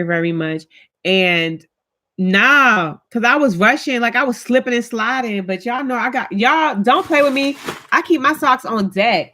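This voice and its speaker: A woman's voice: mid-range voice, a bit bright. Chatty heartfelt woman vlogger. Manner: chatty and heartfelt, talks straight to viewers; African American Vernacular English speech. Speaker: vlogger hosting a live chat. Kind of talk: casual live-stream chat reading comments.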